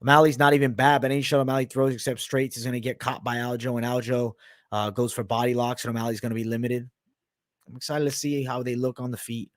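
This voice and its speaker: A young man with a mixed Boston and New York sounding accent, hosting a live MMA betting show in a brash, profane, animated way, talking back to live viewers. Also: medium pitch, fast talker, dry recording, clean studio sound. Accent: mix of Boston, Canadian and Italian, often heard as New York. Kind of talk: live-stream commentary, casual and profane.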